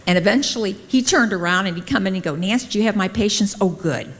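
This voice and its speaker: A woman's voice: mid-range voice, quick pace. A middle-aged woman, a nurse, telling personal stories at a conference and acting out the dialogue. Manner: lively, acts out quoted dialogue. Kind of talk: personal storytelling talk. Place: conference hall. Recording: long hall reverb.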